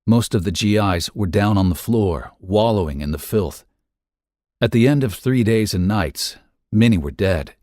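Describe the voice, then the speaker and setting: A man narrating a first-person memoir in a measured, somber reading for a podcast. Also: lowish voice, warm tone, no echo, studio quality.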